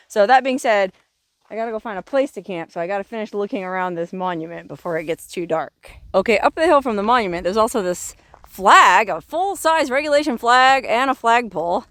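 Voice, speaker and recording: A middle-aged woman vlogging outdoors in the open desert, chatting casually as she walks around, reading inscriptions aloud and exclaiming softly. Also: medium pitch. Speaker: vlogger exploring remote desert sites. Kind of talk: casual narrated walkabout.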